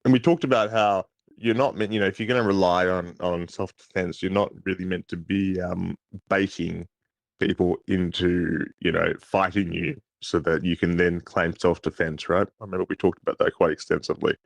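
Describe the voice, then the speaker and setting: A man's voice: low-pitched, fairly even intonation, normal speed, gravelly, dry recording. A man calling in to a livestream, making his case hesitantly with many fillers and restarts. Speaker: caller. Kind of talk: call-in debate.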